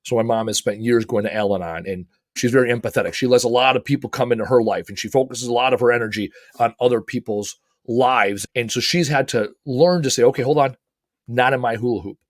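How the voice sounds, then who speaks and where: A man's voice: medium pitch, fairly quick, few pauses, no room sound. Middle-aged guy hosting a pep talk, punchy and emphatic, drops swear words casually, dry close sound. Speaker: host. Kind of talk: motivational talk.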